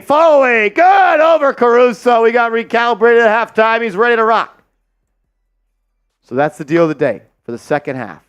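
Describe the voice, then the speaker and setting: A man hosting a live sports watch-party stream, hyped and loud as he shouts out viewers' donations and calls the game. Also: high voice, clear, resonant tone.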